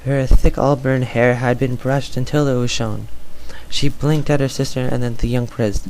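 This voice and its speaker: A man with a medium-pitched, darkish voice reads an amateur audiobook at a moderate pace with fairly even intonation. He stumbles over words and fills gaps with "uh." The recording is low quality, with slight background noise.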